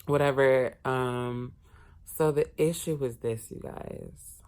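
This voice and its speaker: A man vlogging a casual storytime, candid and expressive, swearing casually as he talks. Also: mid-range voice, slow pace, clear, resonant tone.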